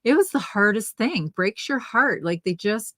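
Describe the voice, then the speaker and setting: A woman's voice: medium pitch, lively intonation, normal speed, fairly bright tone, dry recording, studio quality. An older woman co-hosting a casual knitting livestream, telling a family story in a chatty way with restarts.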